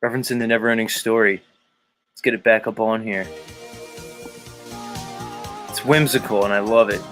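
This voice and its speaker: Faint music plays behind a man hosting a livestream, who jokes crudely and rambles while welcoming viewers and reading comments aloud. His voice is lowish and fairly bright, with fairly even intonation and normal speed.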